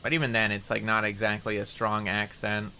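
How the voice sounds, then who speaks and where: A man with a mild rural Canadian accent rambles casually while streaming a game, his lowish voice flat, brisk, pushed and bright over slight background noise. He peppers his talk with "like" and casual swearing.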